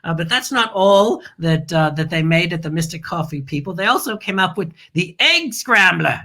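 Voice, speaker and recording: A woman's voice: mid-range voice, big pitch swings, moderate pace, hardly any pauses, pushed and bright. A woman hosting a family show in a theatrical way. She stumbles into restarts and keeps calling people darling. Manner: dramatic, stammering restarts, calls listeners darling. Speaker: host.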